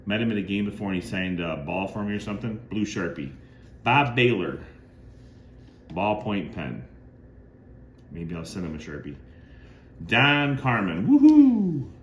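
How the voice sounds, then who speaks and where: Low-voiced middle-aged man, roomy echo. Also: expressive, a little slow, pauses often. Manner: lists items plainly, bursts into loud woohoo cheers. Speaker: card collector and channel host. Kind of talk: casual show-and-tell narration. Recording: echoey room with faint ambient noise.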